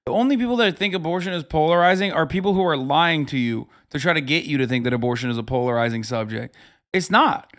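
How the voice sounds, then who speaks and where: A man's voice: fairly high pitch, animated, quick pace, a bit bright. A man streaming, ranting in a sarcastic, profane, casual way. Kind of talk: casual live-stream commentary.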